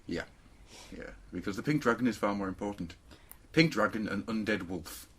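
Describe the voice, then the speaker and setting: A man with a husky, low voice chatting casually on a podcast. He rambles through his points, trips over fillers and keeps breaking into jokes. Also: expressive, normal speed, fairly bright tone. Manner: rambling, jokey, lots of fillers. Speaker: podcast co-host. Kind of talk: casual chat.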